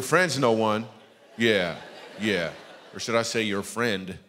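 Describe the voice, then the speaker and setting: A man's voice: mid-range voice, moderate pace, long pauses, a little hiss or hum. Guy doing stand-up stories at church, acts out all the voices, big echoey hall. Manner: lively storyteller acting out quoted voices. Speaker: guest comedian. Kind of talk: stand-up storytelling. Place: church stage before a live audience.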